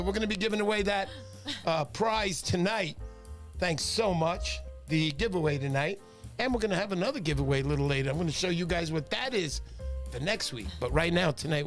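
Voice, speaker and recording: A middle-aged man hosting a fishing livestream in a high, lively voice that swings up and down. He is exuberant and loud and shouts out names, with faint music behind him. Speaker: fishing show host. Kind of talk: excitable livestream chat.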